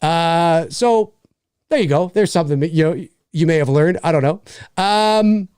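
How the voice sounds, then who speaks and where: A talkative middle-aged Canadian man hosts a laid-back Q&A, his voice sitting a bit high and swinging lively up and down. He rambles, laughs easily and keeps checking in with "you know what I mean?". The sound is dry and close. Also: normal speed, smooth, no room sound. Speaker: livestream Q&A host. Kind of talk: casual chat answering viewer questions.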